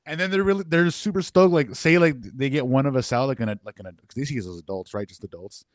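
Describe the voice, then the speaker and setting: A young man co-hosting a podcast tells stories in a loose, laid-back way, full of filler words. His voice sits at a middle pitch. The sound is dry and close, with no room echo. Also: quick pace. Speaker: podcast co-host. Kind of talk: casual chat.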